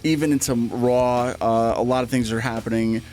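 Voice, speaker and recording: A man's voice: mid-range voice, fairly even intonation, moderate pace, darkish tone, faint music behind. A man co-hosting a wrestling podcast in casual chat, rambling and repeating himself as he talks. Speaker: podcast co-host.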